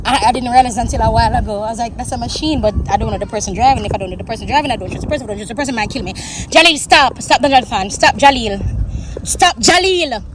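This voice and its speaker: High-voiced Jamaican mom vlogging outside. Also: female voice, rapid-fire, hardly any pauses. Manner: mixes Patois with English, talks straight to her children. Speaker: vlogger and mother. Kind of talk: casual vlog talk to camera and kids. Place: outdoors by city streets and on a bus. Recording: traffic noise outdoors.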